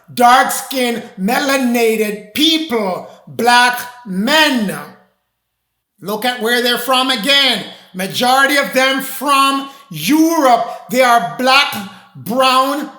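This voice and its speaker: A religious teacher preaching a lecture, emphatic and repetitive, often rising to a shout. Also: medium pitch. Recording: roomy echo.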